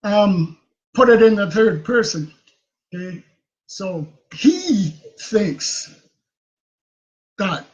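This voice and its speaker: A man's voice: high-pitched, expressive, drawn-out words, long pauses, lo-fi sound. A man giving casual self-help advice to the camera, chatty and tagging many sentences with a questioning "right?". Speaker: self-help video host.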